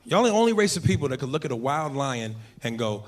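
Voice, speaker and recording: A man's voice: mid-range voice, very animated, fast, noisy background. A man doing a brash, profane stand-up set on a comedy stage before a live audience. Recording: live club mic, crowd laughter.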